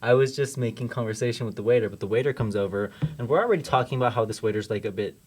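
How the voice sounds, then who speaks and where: A man's voice: medium pitch, rapid-fire, breathy edge. A young man co-hosting a podcast, chatting casually in a wry, easygoing way and often trailing off mid-thought. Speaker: podcast co-host. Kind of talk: casual chat.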